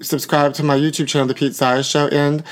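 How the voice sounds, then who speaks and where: A man's voice: on the high side, little pitch movement, brisk. A man hosting a podcast in casual chat, talking in a dramatic, self-mocking, rambling way. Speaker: podcast host.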